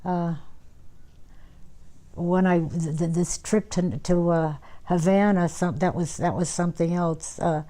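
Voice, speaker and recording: An older woman tells her memories with a low, dark, mellow voice that barely rises or falls. Her talk wanders, full of "uh"s, false starts and corrections. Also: fairly even intonation, a little slow. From United States. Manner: rambling, many fillers and restarts. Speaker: interviewee, former nurse. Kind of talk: oral history interview.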